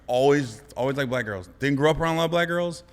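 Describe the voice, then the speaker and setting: This is a comedian from Ohio, USA, appearing as a podcast guest and telling funny stories, animatedly acting out the people in them. His mid-range voice moves at a quick pace with a clean tone, and he sounds like he's in a large hall.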